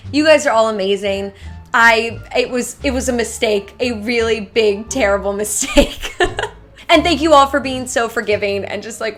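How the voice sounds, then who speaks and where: A young woman vlogger telling a casual storytime to her viewers, chatty and full of "like", animating the retelling. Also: mid-range voice. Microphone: seated to camera.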